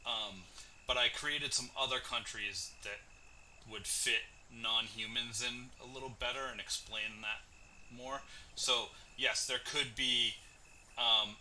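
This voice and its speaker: Bright-voiced man running a tabletop game. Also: on the low side, a little hiss or hum, rough recording. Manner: rambling, many fillers. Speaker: game master. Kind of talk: casual chat setting up a tabletop game.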